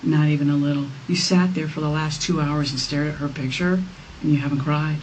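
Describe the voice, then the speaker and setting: A woman's voice: low voice, steady tone, a little fast, a little mellow. A woman police detective pressing a suspect during an interrogation, firm and repetitive in her accusations. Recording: distant mic in a noisy interrogation room.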